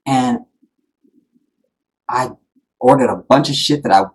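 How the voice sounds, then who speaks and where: A man's voice: mid-range voice, slow pace, slightly rough, poor audio. A man hosting a live stream, telling a personal story to his viewers in a rambling, heartfelt way, full of fillers. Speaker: live-streaming channel host.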